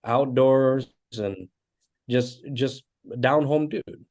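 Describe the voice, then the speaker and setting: A man in his twenties, a guest musician, telling animated stories with casual fillers in an interview. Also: mid-range voice, slow pace. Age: 20s. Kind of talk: storytelling interview.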